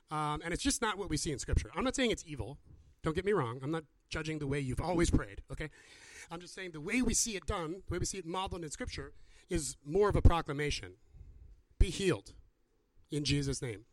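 A man preaching and answering questions, animated and acting out the people he quotes. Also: a little high, quick pace, no room sound. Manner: animated, acts out quoted voices. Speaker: pastor. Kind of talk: sermon with Q&A.

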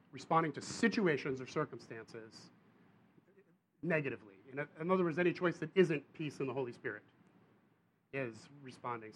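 A young adult man, preaching a sermon and telling a personal story with animated bursts of emphasis. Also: a little high.

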